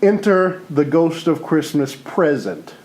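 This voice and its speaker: A man co-hosting a comedy podcast, rambling through a movie pitch full of "you know" and "or whatever" and laughing often. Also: big pitch swings, slow, darkish tone, poor audio. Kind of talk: casual comedic chat.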